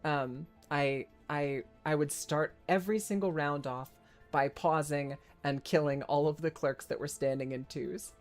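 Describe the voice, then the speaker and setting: A man's voice: on the high side, fairly even intonation, a little slow, soft background music. A man reading a story game's text aloud and adding jokey, casual commentary, laughing often and stumbling over words. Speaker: game streamer.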